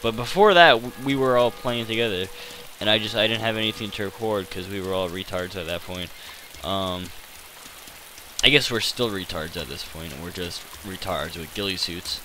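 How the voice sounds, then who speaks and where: Rambling low-voiced male gamer. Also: moderate pace, background noise. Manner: hesitant, self-deprecating, many fillers. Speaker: gaming channel host. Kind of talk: rambling gameplay commentary.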